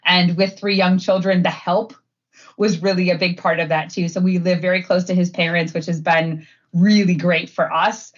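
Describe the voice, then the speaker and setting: A woman's voice: lowish voice, little pitch movement, moderate pace, lo-fi sound. A middle-aged woman from Wisconsin, chatting casually as an interview guest and filling her talk with "um" and "like". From Wisconsin, USA. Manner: chatty, frequent fillers and laughs. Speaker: guest, head of sustainability.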